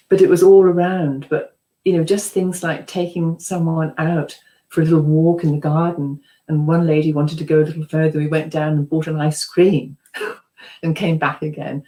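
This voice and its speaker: Heard in a rough recording, this low-voiced woman is a middle-aged psychotherapist with a British English accent, appearing as an interview guest. Her anecdotes come out warm and chatty, with frequent ums, laughter, and acted-out voices.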